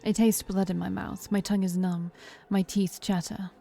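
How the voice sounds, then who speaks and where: A woman streamer reading a game's first-person narration aloud, steady and calm, with brief asides of her own. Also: medium pitch, moderate pace, gravelly. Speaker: game streamer. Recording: faint music behind.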